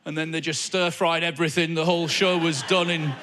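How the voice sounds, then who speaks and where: Stand-up comic, man, wry and chatty with the crowd, high bright voice, on a stage mic. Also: little pitch movement, brisk. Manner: wry, conversational, observational asides to the crowd. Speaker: stand-up comedian. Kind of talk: stand-up comedy. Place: comedy club stage before a live audience.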